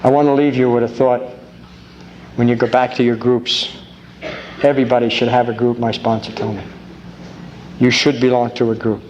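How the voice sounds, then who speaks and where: A man's voice: mid-range voice, normal speed, long pauses. A man giving a talk at a recovery convention, folksy and grateful, telling stories with jokes, recorded on an old tape in a large hall. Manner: folksy, grateful, tells jokes with rising excitement. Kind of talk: recovery meeting talk with storytelling. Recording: old tape with faint hiss.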